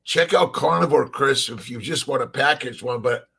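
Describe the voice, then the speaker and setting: Upbeat rambling man with gravelly voice. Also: medium pitch, normal speed, pushed and bright. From Southern California. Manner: upbeat, rambling, greets viewers by name. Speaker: livestream host. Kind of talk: casual morning livestream chat.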